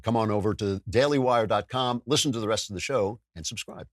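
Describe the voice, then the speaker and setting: A man's voice: a little fast, dry recording, clean studio sound. A male podcast host delivering a wry, sardonic opinion monologue. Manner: wry, sardonic, with sudden jumps in pitch. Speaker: political commentary podcast host.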